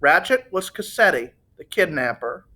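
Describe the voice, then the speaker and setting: A man's voice: fairly high pitch, big pitch swings, normal speed, bright, forceful tone, full character voice. A man voicing a precise detective who asks formal, dry questions. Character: precise, dry-witted older male detective.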